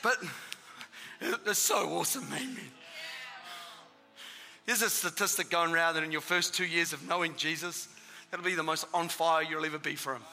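A man in his thirties preaching and telling his testimony, excitable and bursting into shouts for emphasis. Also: fairly high pitch, normal speed, pauses often. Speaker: guest preacher giving testimony. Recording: reverberant hall with live audience.

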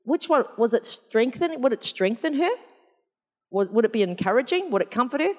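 Aussie lady preaching, kinda high voice, lots of laughing, big echoey hall. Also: brisk. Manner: chatty, laughing, animated storytelling. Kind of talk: sermon testimony. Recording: long hall reverb.

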